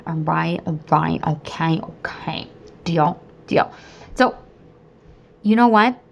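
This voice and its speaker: Female podcast host, thirties, lower-pitched voice, chatty motivational solo talk full of "like" and "okay". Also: gravelly. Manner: chatty and upbeat, lots of "like" and "okay", swings into high excited bursts. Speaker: podcast host and weight-loss coach.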